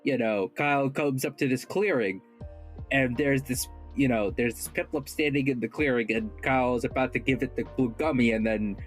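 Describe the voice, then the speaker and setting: A man's voice: mid-range voice, normal speed, faint music behind. A man playing in a tabletop game, talking hesitantly with plenty of fillers. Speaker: player. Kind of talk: casual tabletop role-play.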